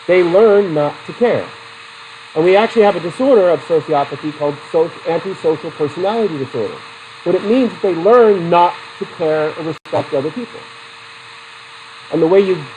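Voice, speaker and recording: A man's voice: high voice, a little mellow, a little hiss or hum, low-quality recording. A man teaching a psychology class in a chatty, digressive way, laughing often and putting questions to his students. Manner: laughs often between points. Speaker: psychology instructor. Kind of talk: classroom lecture.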